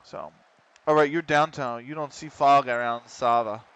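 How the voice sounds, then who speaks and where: An almost middle-aged American man talks casually on a game stream, cursing freely as his team struggles. His voice is bright and crisp, with a smooth, clean tone. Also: mid-range voice, normal speed. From United States. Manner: swears often, frustrated at the match, reads chat. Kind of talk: casual gaming stream chat.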